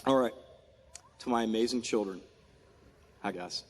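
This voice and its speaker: A man's voice: lowish voice, moderate pace. A man in his forties from Maryland, giving a heartfelt farewell speech as an outgoing military commander, thanking people one by one and holding back tears. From Maryland, USA. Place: large aircraft hangar at a ceremony. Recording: long echo of a big hangar.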